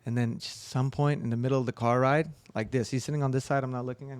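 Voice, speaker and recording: A man's voice: medium pitch, flat delivery, quick pace, vocal fry, few pauses, a little mellow, no echo. A young man casually telling a long, rambling story as a podcast host. He swears often and acts out the lines he quotes.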